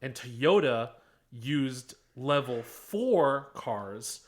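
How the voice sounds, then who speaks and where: A man co-hosting a casual podcast, walking friends through his research in a halting way with many fillers. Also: mid-range voice, lively intonation. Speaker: podcast co-host presenting research.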